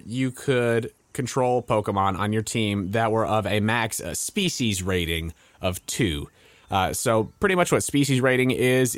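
A woman's voice: extremely low pitch, no room sound. A game master on a tabletop game podcast, chatty and explanatory as she walks through the rules.

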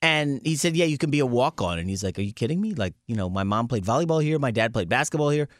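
A man's voice: medium pitch, lively intonation, fast, dry recording, clean studio sound. A man co-hosting a sports radio show, talking eagerly and gushing about a player, then apologizing for getting carried away. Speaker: radio co-host. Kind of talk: casual sports radio talk.

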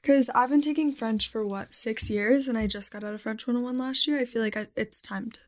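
A young woman in casual chat, talking in a chatty way with vocal fry. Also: on the high side, a little fast.

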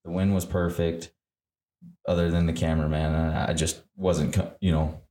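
A man's voice: deep voice, normal speed. A man, a hunting guide, telling a story casually and acting out the lines he and others said. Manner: animated, acts out his own quoted lines. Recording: roomy echo.

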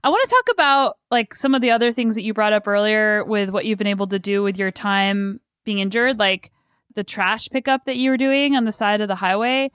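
A woman's voice: medium pitch, fairly quick, fairly bright tone, clear, resonant tone, no room sound, studio quality. A woman hosting an interview, asking questions in a chatty casual way. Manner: chatty, many "like" fillers. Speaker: podcast host.

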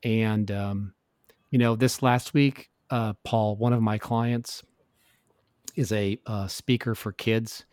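Earnest middle-aged man, low voice. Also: steady tone, slow, darkish tone, clean tone, no room sound, studio quality. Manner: earnest, reflective storytelling. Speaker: podcast guest. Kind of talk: casual interview talk.

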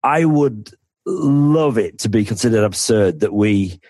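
A man's voice: fairly low pitch, animated, unhurried, a little mellow, no echo. A man with a Northern English accent, a podcast guest chatting casually and laughing at himself. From North of England. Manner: chatty, self-deprecating, laughs easily. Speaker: podcast guest, financial planner. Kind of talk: casual interview chat.

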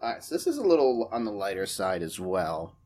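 A man co-hosting a casual whiskey tasting, laid-back, giving measured tasting notes. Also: low voice, big pitch swings, darkish tone. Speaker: podcast co-host.

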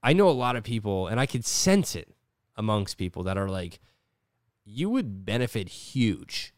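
This man's voice sits on the lower side and is very animated, moving at a moderate pace. As host of his own podcast, he talks casually from his studio, rambling with plenty of "like" and acting out what others said. The sound is studio quality, without echo.

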